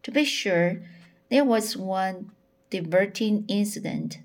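A woman reading a novel aloud, halting often and repeating words as she corrects herself. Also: mid-range voice. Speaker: audiobook reader. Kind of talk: audiobook narration.

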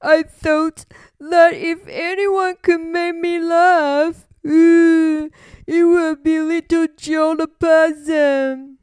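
A woman's voice: very high voice, expressive, very slow, no room sound, clean studio sound, voice pushed up, heavily acted. A woman putting on a sobbing grumpy old bear. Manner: moaning, tearful, pleading.

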